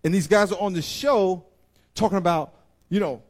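Speaking at a moderate pace in a high-pitched voice, this pastor keeps addressing his congregation directly during his sermon. He moves between loud exclamations and quiet, intense moments, always emphatic.

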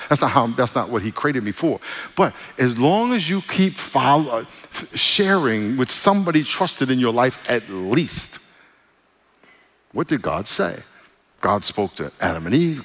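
Man preaching in an echoing hall. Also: medium pitch. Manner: conversational, animated storytelling with asides. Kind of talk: sermon.

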